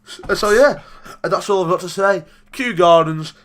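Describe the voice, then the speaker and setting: Young bloke on a sports podcast, kinda high voice, dry teasing banter. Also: male voice, a little slow. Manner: dry teasing, deadpan tips. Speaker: podcast co-host.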